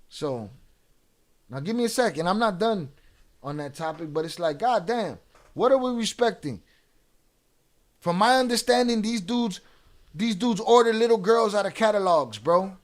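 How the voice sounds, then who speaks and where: A middle-aged man hosting a live stream, talking bluntly and profanely as he rants back at his chat. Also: high voice. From United States.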